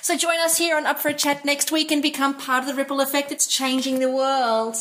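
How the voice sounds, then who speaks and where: A woman hosting a podcast, effusive and quick to laugh as she chats and wraps up the show. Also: high-pitched, level tone, fairly bright tone. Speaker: podcast host. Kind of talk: casual podcast chat and sign-off.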